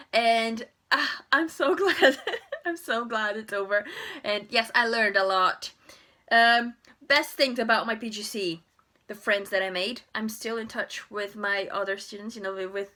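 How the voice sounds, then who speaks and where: A young woman and primary school teacher, talking casually to camera in a chatty, expressive way and laughing often. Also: mid-range voice.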